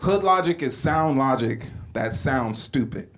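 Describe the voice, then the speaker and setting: A man's voice: mid-range voice, expressive, unhurried. Laughing man doing stand-up in a noisy club. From Compton, California. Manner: laid-back storytelling, laughing at his own jokes. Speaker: stand-up comic. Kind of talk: stand-up comedy set. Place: comedy club, indoors.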